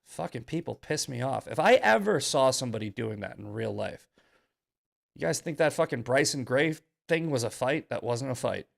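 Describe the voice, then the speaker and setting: A man's voice: mid-range voice, animated, moderate pace, vocal fry. A male podcast host giving heated, profane commentary in an angry ranting manner.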